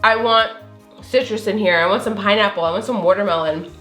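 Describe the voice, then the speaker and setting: A woman's voice: medium pitch, fairly quick, a bit bright, reverberant, soft background music. Chatty woman with a slight Southern accent. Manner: chatty, filler-heavy, giggly. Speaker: recipe vlogger. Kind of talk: casual recipe demo.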